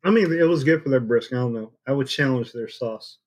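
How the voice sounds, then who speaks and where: A man's voice: mid-range voice, fast, a little mellow. A man co-hosting a podcast from home, putting in short, dry, teasing remarks. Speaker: podcast co-host. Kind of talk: casual podcast chat.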